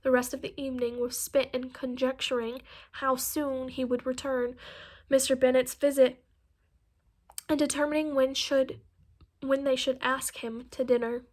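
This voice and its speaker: A woman reading a classic novel aloud as narrator, steady but with small slips and restarts. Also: high-pitched, normal speed. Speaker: audiobook reader.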